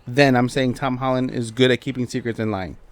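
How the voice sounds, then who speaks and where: A man's voice: medium pitch, steady tone, a little fast, dry recording. Emphatic profane male podcast co-host. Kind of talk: casual chat.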